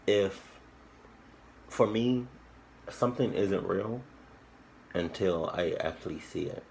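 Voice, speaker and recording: A man's voice: sits low, takes it slowly, gravelly, a little mellow, slight background noise, poor audio. A man hosting a reaction video, rambling casually with crude jokes and lots of restarts and fillers.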